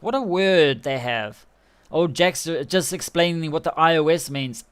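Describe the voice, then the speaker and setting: Male streamer, higher register, chatty and excitable play-by-play. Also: moderate pace, smooth. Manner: excitable, chatty, laughing often. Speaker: game streamer. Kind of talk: live game commentary.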